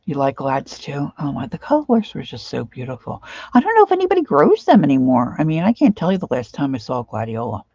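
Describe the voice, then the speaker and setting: A woman's voice: deep voice, wildly swooping pitch, fast talker, gravelly, hardly any pauses, a little mellow, breathy edge, no room sound, dull audio. A middle-aged woman chatting casually as she works on a craft project, rambling on and answering viewers' comments.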